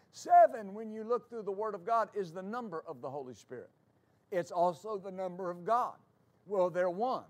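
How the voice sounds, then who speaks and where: A middle-aged male pastor preaching a sermon, moving from calm scripture teaching to loud, fervent exclamations. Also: sits high.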